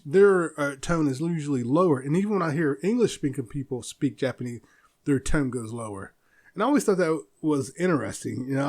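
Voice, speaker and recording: A man hosting a casual solo podcast, rambling and chuckling as he talks. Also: a little high. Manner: rambling, chuckles often, loose and self-interrupting. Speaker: podcast host.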